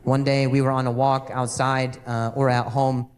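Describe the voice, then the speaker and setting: A man performing a live stand-up comedy set, with a halting delivery that repeats words and hums between phrases. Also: mid-range voice, little pitch movement, clean tone.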